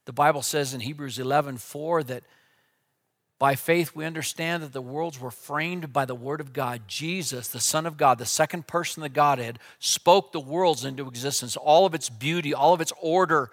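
A man preaching a sermon with dynamic delivery, dropping to a hush and then rising to loud, emphatic lines. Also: a little high, normal speed.

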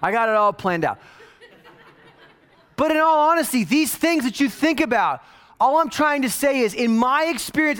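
Quick-paced and expressive, his very high, fairly bright voice carries a laid-back, joking sermon. He is a man in his forties serving as a church pastor, and his talk is conversational, sprinkled with mock-quoted asides.

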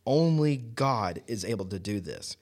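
A man in a casual Bible discussion podcast who laughs often and, when reading a long commentary aloud, reads it deliberately. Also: lowish voice, lively intonation, a little mellow.

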